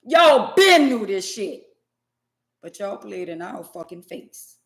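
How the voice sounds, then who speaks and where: A woman's voice: medium pitch, sing-song, slow pace, gravelly, reverberant. A woman ranting in casual commentary, emphatic and profane, hammering her points by repeating them. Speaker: vlogger.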